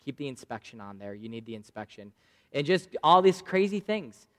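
A man in his thirties preaching a sermon, telling a personal story with loud bursts and quiet asides. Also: mid-range voice, big pitch swings, moderate pace, in a large hall. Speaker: pastor.

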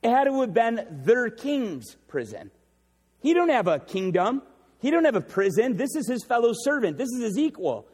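A man's voice: extremely high pitch, sing-song, normal speed, darkish tone, husky. A man preaching a sermon as pastor, emphatic and repeating key phrases for effect. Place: church sanctuary. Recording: long reverb of a large hall.

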